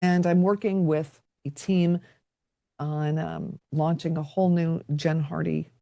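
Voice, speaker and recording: Gravelly low woman telling stories. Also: animated, a little slow, dry recording, dull audio. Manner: reflective, tells stories with quoted dialogue. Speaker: podcast guest. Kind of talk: conversational interview.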